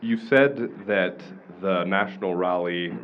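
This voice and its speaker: A man in the audience asking a deliberate question with pauses. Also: sits low, dull audio, a little hiss or hum. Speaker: audience member.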